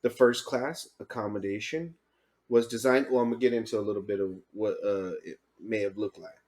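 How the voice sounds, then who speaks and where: A man's voice: on the low side, brisk, darkish tone. A man co-hosting a casual podcast, reading facts aloud and tripping over words. He breaks off to joke with his co-host. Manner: stumbling reading, joking, laughs often.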